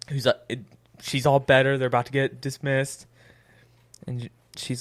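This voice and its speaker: A man's voice: mid-range voice, normal speed. A young man co-hosting a podcast, retelling crude stories in casual banter with plenty of swearing and laughter. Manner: animated storytelling with laughs and swearing. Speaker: podcast co-host.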